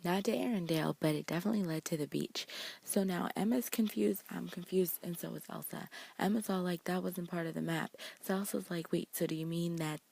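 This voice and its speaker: Gravelly, husky woman recapping fast. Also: lowish voice. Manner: fast, slangy, animated retelling, paraphrasing characters' lines. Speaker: TV episode recapper. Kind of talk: casual recap vlog.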